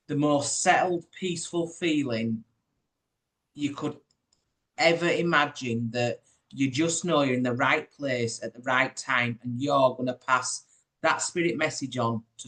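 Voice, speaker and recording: A man, a spiritual medium chatting in an interview and telling his stories in a lively, rambling way. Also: mid-range voice. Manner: chatty, animated storytelling with asides. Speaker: spiritual medium, podcast host. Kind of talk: casual chat.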